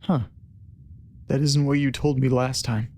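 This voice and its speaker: A man voicing Firebrand, a calm, smug male demigod, speaking in an unhurried drawl. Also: medium pitch, gravelly, lightly acted. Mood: assured.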